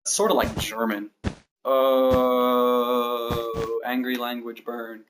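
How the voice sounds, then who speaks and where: Speaking at an extremely slow pace in a medium-pitched voice, a man streams himself building in a game. He rambles to viewers with self-deprecating humor and counts blocks aloud, while background noise and steady mouse and keyboard clicks run behind him.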